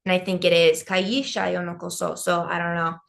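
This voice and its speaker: A woman co-hosting a casual chat from a hotel room, joking around and slowing down to explain. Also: lowish voice, flat delivery, vocal fry. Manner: playful, joking, slows down to explain. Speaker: co-host.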